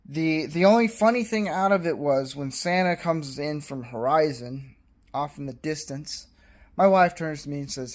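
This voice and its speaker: Blunt, rambling man reviewing a movie. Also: fairly high pitch. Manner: blunt and dismissive, rambling with fillers. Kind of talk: casual spoken movie review.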